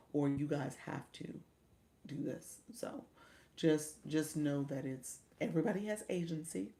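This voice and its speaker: Low gravelly-voiced woman livestream host. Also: darkish tone. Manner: chatty and encouraging, says y'all, mimics voices. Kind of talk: casual livestream chat to viewers.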